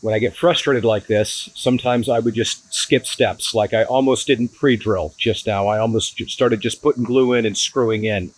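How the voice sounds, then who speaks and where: A man vlogging his van build to the camera, frustrated and hard on himself, with halting restarts. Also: on the low side, steady tone, no room sound, poor audio. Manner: frustrated, self-critical, talks in restarts. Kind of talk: casual DIY vlog talk to camera.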